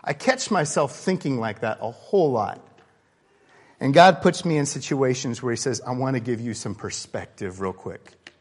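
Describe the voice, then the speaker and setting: Male pastor, sermon, conversational, candid, mid pitch. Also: expressive, moderate pace, husky. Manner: conversational, candid, swings between loud emphasis and quiet asides.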